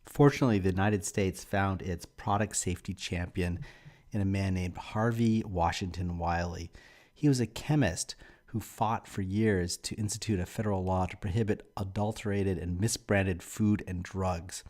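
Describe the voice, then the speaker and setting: A man with a very deep, low voice narrates a recorded lecture over slides. He explains in a measured, steady way, close to the mic. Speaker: instructor.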